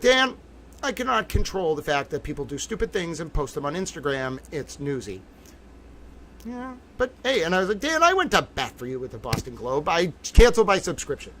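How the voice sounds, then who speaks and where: A theatrical, excitable man hosting a livestream, his voice bright and forceful, pitched a little high. He swings from low mutters to sudden loud outbursts. Faint ambient noise sits behind him. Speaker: livestream host. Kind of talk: livestream commentary.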